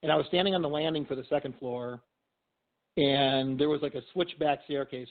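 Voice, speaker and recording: A middle-aged man, a guest, telling stories casually and rambling, with lots of "you know" and restarts. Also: medium pitch. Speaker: guest, physician and paranormal investigator. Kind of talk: casual storytelling in a phone interview. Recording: tinny phone line.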